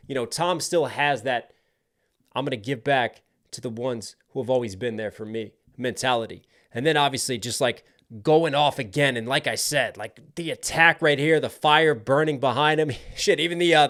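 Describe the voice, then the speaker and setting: Young guy reacting to a rap track, mid pitch, hyped up, picking apart rhymes and flow. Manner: animated, breaks down rhymes and flow. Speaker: rapper reacting to music. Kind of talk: casual music reaction commentary.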